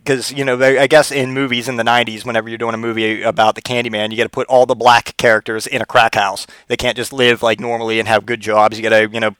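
A man's voice: medium pitch, little pitch movement, fast, few pauses, a bit bright, clean tone, dry recording. Rambling, profane male podcast comic. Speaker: podcast host. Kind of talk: comedic podcast monologue.

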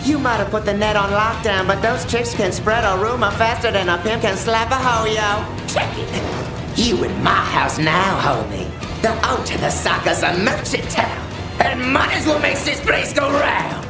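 A cocky teen gang boss. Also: male voice, sits high, lively intonation, normal speed. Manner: swaggering slangy trash talk with rhyming boasts. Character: brash teenage boy gang boss, greedy wannabe rapper. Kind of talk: anime English dub. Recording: roomy dub clip over loud music.

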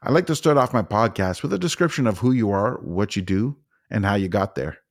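Rambling, animated man hosting a podcast. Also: lowish voice, brisk, no echo, clean studio sound. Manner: rambling, animated storyteller with frequent restarts and laughs. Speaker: podcast host. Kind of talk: casual storytelling interview.

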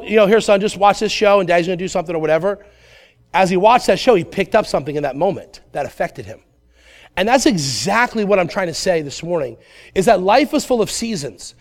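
A man with a high voice preaches a Sunday sermon. He talks with energy and acts out little voices and asides as he goes. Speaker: pastor.

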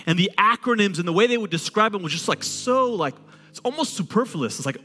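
A man preaching a sermon to a congregation in a lively, conversational way, using humor and repetition. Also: high voice, fairly quick, long reverb tail, soft background music. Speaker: pastor.

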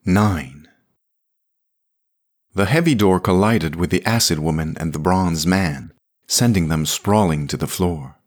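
A man narrating a scripted audio story in a measured, plain manner. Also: low voice.

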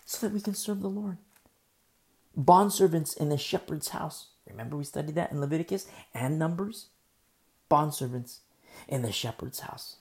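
A woman's voice: low voice, normal speed, vocal fry, a little mellow. A woman preacher giving a verse-by-verse Bible teaching. She is emphatic and rhetorical, repeats key phrases and keeps asking "You see?".

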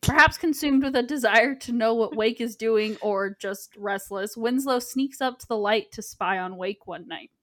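A woman casually recapping a film plot for her co-hosts, relaxed and full of "like.". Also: on the high side, moderate pace, hardly any pauses. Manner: relaxed, frequent filler "like". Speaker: podcast co-host, recapping the film.

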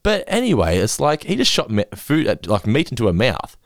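A man's voice: medium pitch, fairly quick, dry recording, clean studio sound. A man hosting a podcast, telling stories in a casual, profane way with laughter. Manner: profane, animated storytelling with laughter. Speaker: podcast host. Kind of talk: casual chat.

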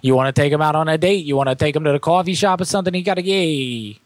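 A man's voice: fairly high pitch, very fast, no room sound, natural voice. A man voicing an evasive tough-talking guy with a Boston accent that slips in and out, rambling through fillers. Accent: put-on Boston, slipping.

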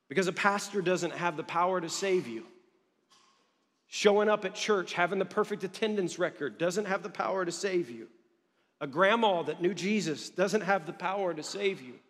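High-voiced young pastor preaching in a hall. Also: male voice, a bit bright. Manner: earnest, building intensity, drops to near whisper for emphasis. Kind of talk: sermon. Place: church sanctuary stage.

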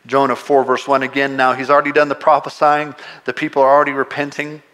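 A male pastor preaches to his congregation conversationally, tossing in playful asides, his voice rising emphatically on exclamations. Otherwise his medium-pitched voice is completely flat in delivery, quick, and fairly bright.

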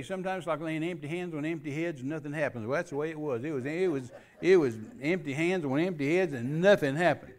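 Man, preacher, storytelling sermon, animated, slightly high voice. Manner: animated storyteller, voices rising to loud calls.

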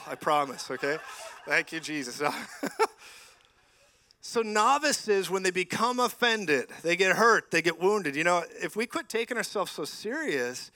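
A man preaching a lively sermon in a church, telling stories and acting out the voices of people in them. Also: sits high, no room sound. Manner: animated, jokey, acts out voices in stories. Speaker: guest preacher.

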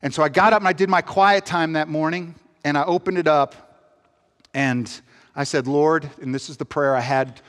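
A man shares a personal testimony in a voice pitched a little high, earnest throughout. He moves from upbeat energy to hushed, heavy reflection. The sound carries a long reverb, as in a large hall. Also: fairly even intonation, normal speed. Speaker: speaker giving a testimony.

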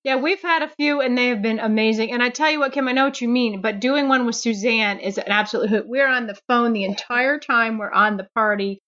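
A woman's voice: on the high side, brisk, hardly any pauses, sharp tone. A woman co-hosting a podcast, chatting in an upbeat way and laughing easily. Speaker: podcast co-host. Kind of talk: casual podcast chat. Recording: dull lo-fi audio.

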